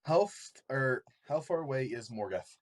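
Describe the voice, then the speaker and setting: A man's voice: mid-range voice, lively intonation, normal speed. A man playing a tabletop game, talking in a hesitant, laughing way. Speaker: player.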